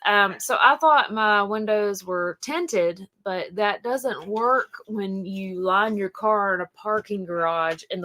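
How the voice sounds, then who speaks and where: A bright-voiced woman with an Appalachian accent, co-hosting a casual chat show. She tells stories in a rambling, animated way, with plenty of fillers and voices for other people. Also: medium pitch. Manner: rambling, animated, full of fillers and acted quotes. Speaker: podcast co-host.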